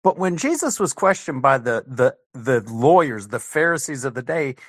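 A man's voice: mid-range voice, big pitch swings, normal speed, fairly bright tone, no room sound, clean studio sound. A man calling into a faith talk show, hesitant and reasoning aloud as he goes. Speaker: caller.

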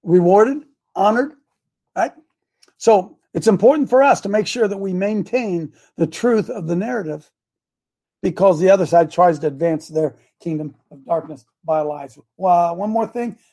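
A man's voice: high-pitched, normal speed, dark tone. A man hosting a live show, talking like a preacher and repeating himself for emphasis. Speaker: host. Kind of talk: live stream talk.

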